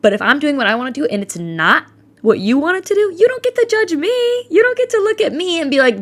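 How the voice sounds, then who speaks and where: A woman's voice: high voice, very animated, fairly quick. A woman in her twenties hosting a casual solo podcast, talking candidly and animatedly, swearing freely and mimicking the people she quotes. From Ohio. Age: 20s. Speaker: podcast host.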